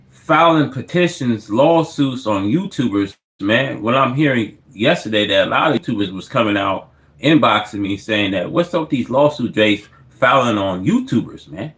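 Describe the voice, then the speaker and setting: A man's voice: mid-range voice, fairly bright tone. Man, livestream host, casual commentary, conversational filler. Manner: tags sentences with "man" and "you know what I mean".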